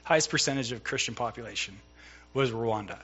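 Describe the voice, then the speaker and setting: A man's voice: medium pitch, fairly quick, a bit bright, slightly rough, highs cut off. A middle-aged man preaching a sermon in a conversational way, telling a personal story and acting out the dialogue. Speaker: pastor.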